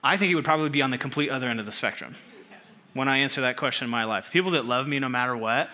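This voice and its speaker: A man delivers a sermon to a congregation with a bright, forward tone at an ordinary pitch. He talks in a loose, conversational way and keeps putting rhetorical questions to his listeners. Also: very fast. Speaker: pastor.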